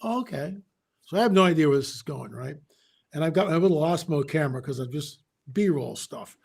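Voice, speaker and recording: Higher-pitched man telling a story. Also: a little fast, creaky, breathy edge. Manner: animated, re-enacts dialogue, frequent restarts. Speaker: guest. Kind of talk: casual interview storytelling.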